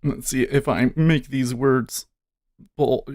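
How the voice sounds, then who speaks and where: A man hosting a live trading stream, musing to himself in an unhurried drawl. He thinks aloud in casual commentary and answers chat along the way. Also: mid-range voice, fairly even intonation, darkish tone.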